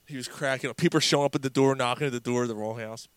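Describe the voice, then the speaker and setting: A man's voice: mid-range voice, fairly even intonation, racing, clear, resonant tone, no room sound. A man telling funny bar stories in casual chat, laughing often and mimicking his friends.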